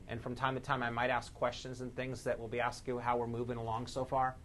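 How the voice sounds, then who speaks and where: A man leading a live sales training seminar, energetic, quizzing the audience and shifting his speed and loudness for emphasis. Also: mid-range voice, fairly quick.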